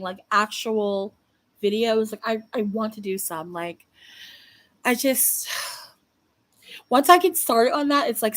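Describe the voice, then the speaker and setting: A young woman chatting casually to her livestream viewers, blunt and swearing freely, often restarting her sentences. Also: on the high side. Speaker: livestream host.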